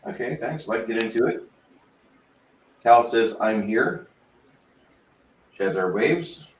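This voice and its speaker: A man's voice: medium pitch, expressive, slow pace, reverberant, poor audio. A man hosting a casual tabletop gaming chat, reading out viewer comments in a laid-back, wry way. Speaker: podcast host.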